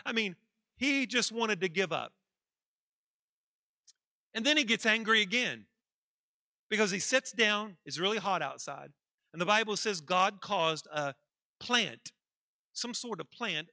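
Bright-voiced preacher. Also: male voice, high voice, no echo. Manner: calls out to the congregation, rising to loud emphatic peaks. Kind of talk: sermon. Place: church building.

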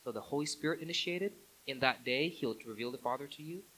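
A man's voice: medium pitch, fast, bright, forceful tone, poor audio. A man preaching a sermon as pastor, building his points to emphatic climaxes.

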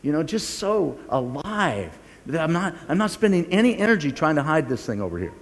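A sing-song, somewhat high voice belongs to an older male pastor who talks a little fast. His sermon is confessional and earnest, with frequent restarts and jokes at his own expense, and the sound echoes with long hall reverb.

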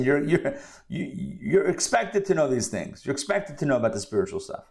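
A man's voice: fairly high pitch, very animated, fairly quick, gravelly, a little mellow. A man teaching a scripture lesson in a conversational way, with joking asides and phrases repeated for emphasis. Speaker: Bible teacher.

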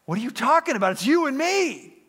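A man's voice: very high-pitched, big pitch swings, fairly quick, a bit bright, pitched above the performer's own voice, exaggerated voice. A preacher acting out a panicked male servant who stammers and pleads in a raised voice. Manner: frantic, stammering.

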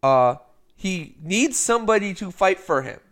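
A man's voice: sits high, expressive, a little slow, fairly bright tone. A man co-hosting a casual podcast, rambling through a plot recap and quoting the characters' lines. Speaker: podcast co-host. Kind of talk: casual chat.

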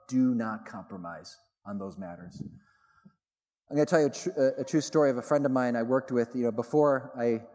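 A middle-aged man, a theologian, gives a public talk to a live audience, telling stories with animated delivery and emphatic repetition. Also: medium pitch. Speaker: theologian and speaker. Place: large hall with audience. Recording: long reverb in a large hall.

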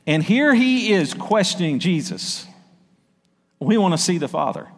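A man preaching in a church, his fairly high voice ringing with long hall reverb. He slows and gets louder as he reads scripture, then drops into quick, quieter asides and calls out to the congregation. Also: big pitch swings. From South Arkansas. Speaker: pastor. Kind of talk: sermon. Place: church sanctuary.

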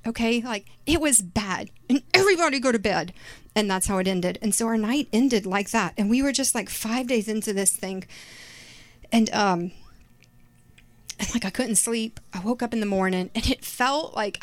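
A middle-aged woman with a slightly high voice preaching a chatty sermon. She talks loosely and conversationally, full of "like" and filler words. The sound is dry and close. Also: no echo. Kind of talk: sermon with personal story.

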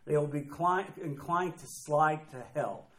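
Emphatic preaching man, high voice. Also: unhurried, fairly bright tone. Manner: emphatic, repeats phrases, acts out quoted voices. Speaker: pastor. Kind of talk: sermon. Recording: echoey room.

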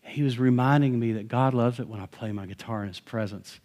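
Speaking a bit quickly in a mid-range voice, a middle-aged pastor preaches with an animated, conversational manner and occasional flashes of humor.

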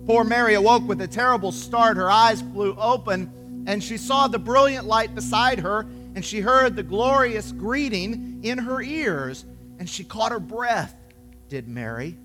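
A man narrating a storybook tale in a gentle, expressive way. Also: high-pitched, unhurried. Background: soft music with singing bowl.

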